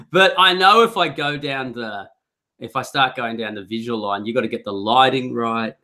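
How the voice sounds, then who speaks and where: A man's voice: mid-range voice, moderate pace, bright, forceful tone. A man co-hosting a podcast over an audio-only video call, wry and self-mocking. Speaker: podcast co-host. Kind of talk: casual chat.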